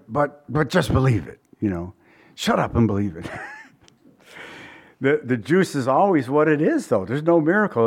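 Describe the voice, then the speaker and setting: A pastor preaching a sermon in a conversational way, with asides to the congregation and the odd chuckle. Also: male voice, medium pitch.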